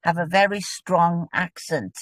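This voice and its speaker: A woman's voice: on the low side, measured pace, no room sound. A woman, a guest in a casual religious discussion, explaining with earnest enthusiasm.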